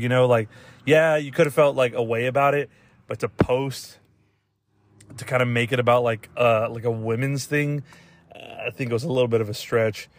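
A young man hosting a podcast, rambling casually with lots of swearing and laughter. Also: medium pitch. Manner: loose, profane, rambling with laughs. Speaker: podcast host. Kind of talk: casual rant.

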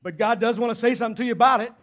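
A male pastor preaching a sermon in a church, emphatic and repeating his key points, swinging between loud and hushed delivery. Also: very high voice, rapid-fire.

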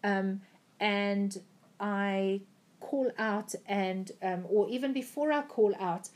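Woman telling her dream story, mellow warm voice, lots of ums, earnest. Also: mid-range voice, fairly even intonation, slow pace. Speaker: Christian speaker. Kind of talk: recounting a prophetic dream.

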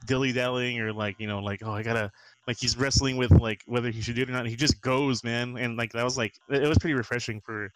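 A man with a mid-pitched voice talks through his thoughts on a podcast. He rambles, piles up filler words and restarts, and laughs easily. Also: fairly even intonation, fast, fairly bright tone, dry recording, rough recording. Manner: rambling, heavy use of "like", laughs often. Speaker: podcast co-host. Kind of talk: casual movie review chat.

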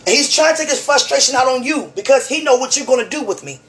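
A woman's voice: high voice, animated, quick pace, slight background noise. A woman giving a fervent, emotional spiritual message to one listener, preaching and repeating her phrases.

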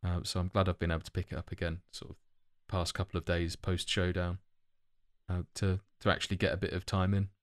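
A man's voice: low-pitched, completely flat delivery, brisk, no echo, clean studio sound. A man co-hosting a casual podcast chat, talking in loose, self-correcting ramble with many fillers. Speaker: podcast co-host.

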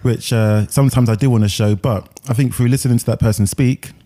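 A man's voice: mid-range voice, steady tone, fast talker, mellow. A man co-hosting a film podcast in casual chat, joking and laughing often. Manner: laughs often, loose and jokey. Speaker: podcast co-host. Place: London.

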